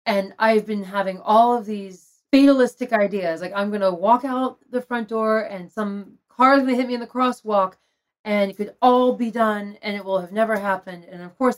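A woman in a podcast conversation, telling a personal story in an open, confessional way. Her voice sits at a medium pitch, and she laughs now and then as she talks. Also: normal speed. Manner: emotional, confessional, laughs between lines.

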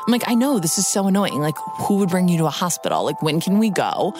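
Low-voiced woman telling a wry story. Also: sing-song, fast, over music. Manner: casual, peppered with "like", wry humor. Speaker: guest telling her story. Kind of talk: personal storytelling.

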